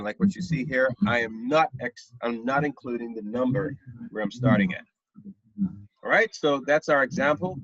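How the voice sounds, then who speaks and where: Speaking in a mid-range, slightly bright voice with a breathy edge and no echo, a young male math teacher works through an online lesson. He stays patient, repeatedly making sure students are following. The sound, captured by a computer mic on a video call, is dull and lo-fi.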